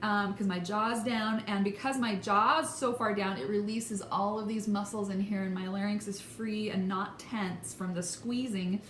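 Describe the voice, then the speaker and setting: A woman's voice: mid-range voice, steady tone, unhurried, hardly any pauses, a bit bright, slight background noise. A woman teaching a vocal lesson, explaining technique in an encouraging, emphatic way. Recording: echoey room with instrument playing.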